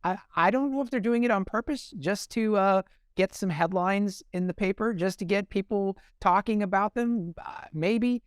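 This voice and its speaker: A man co-hosting a sports podcast, talking casually in a relaxed, halting way with frequent restarts. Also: high voice, clear, resonant tone, no echo, studio quality. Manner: halting, restarts words, easygoing. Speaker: podcast co-host. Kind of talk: casual chat.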